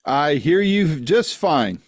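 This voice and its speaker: A man's voice: fairly high pitch, sing-song, takes it slowly, no room sound. A man hosting a podcast, giving a friendly, folksy intro and then interviewing a guest. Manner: friendly, folksy, with promo asides. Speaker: podcast host. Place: East Tennessee, home setup.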